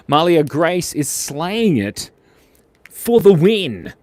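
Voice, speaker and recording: A man hosting a live drawing stream, chatting playfully and excitedly with viewers. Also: fairly high pitch, slow pace, no echo. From Australia. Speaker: livestream drawing host.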